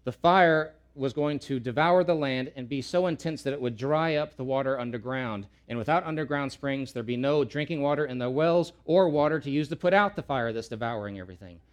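A man preaching a sermon in an earnest way, repeating key words for emphasis and rising loud when quoting pleas. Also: mid-range voice, fairly quick, few pauses, dull audio. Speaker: pastor.

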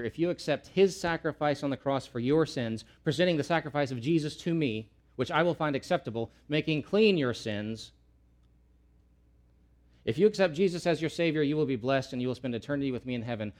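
Man, pastor, sermon, earnest, emphatic repetition, mid-range voice. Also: medium pitch. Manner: earnest preaching, swelling loud when quoting pleas; repeats key words for emphasis.

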